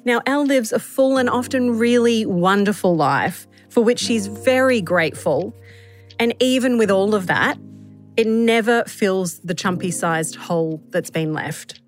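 Reflective woman over soft music. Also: medium pitch, a little slow. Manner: reflective, gentle, explanatory. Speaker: podcast producer introducing a clip. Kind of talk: reflective episode introduction. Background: faint music.

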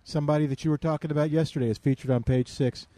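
A man's voice: fairly high pitch, fairly even intonation, racing, dark tone, no room sound. A man co-hosting a radio show, teasing his partner with playful interjections. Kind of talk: casual radio chat.

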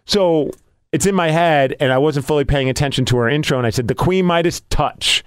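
A man hosting a podcast tells a story in a casual, animated way, acting out his own reactions as he goes. His voice sits a little high, and the sound is dry and close to the mic. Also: fast, smooth, dry recording. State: losing his voice. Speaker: podcast host.

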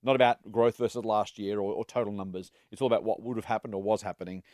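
Quick wry Australian man. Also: fairly low pitch, no echo, clean studio sound. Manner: quick, wry, animated with figures. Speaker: investment analyst, co-host. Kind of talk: casual finance podcast banter.

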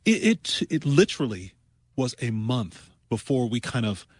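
A man's voice: mid-range voice, big pitch swings, measured pace, husky, no echo. A man representing a charity on a radio show, making an urgent, emphatic fundraising appeal and thanking callers.

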